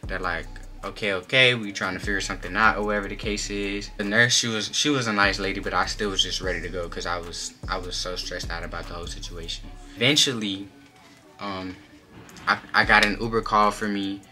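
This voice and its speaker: A young man telling a personal story in a casual storytime vlog, animated and slangy, filling his speech with "like". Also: low-pitched, a little fast, soft background music. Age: young adult. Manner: animated, slangy, many filler "like"s. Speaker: vlogger.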